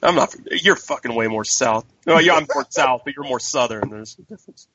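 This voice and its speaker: A man's voice: mid-range voice, fairly quick, pushed and bright, slightly rough, no echo. A man co-hosting a casual podcast chat, joking and slipping into mock impressions. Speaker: podcast co-host. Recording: dull lo-fi Skype audio.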